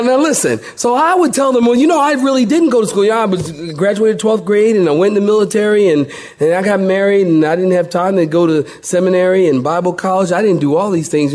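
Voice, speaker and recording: A man's voice: high-pitched, darkish tone. A middle-aged man preaching as a pastor, telling stories with playful impressions of the people in them. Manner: storytelling with playful impressions and laughter. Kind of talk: sermon.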